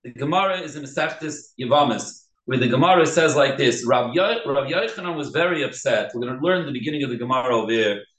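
A man teaching a Talmud class, animated and quick, with many restarts. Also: medium pitch. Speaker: Torah teacher. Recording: echoey room.

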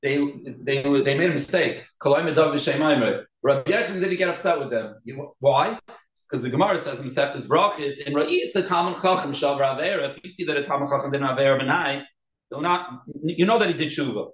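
A man teaching a Talmud class, animated and quick, with many restarts. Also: on the high side. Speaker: Torah teacher. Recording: echoey room.

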